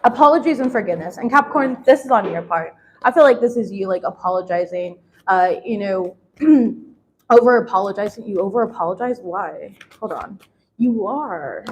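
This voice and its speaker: A woman's voice: mid-range voice, expressive, normal speed, slight background noise, low-quality recording. A young adult woman giving a casual tarot reading, blunt and laughing often, swearing freely. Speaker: tarot reader.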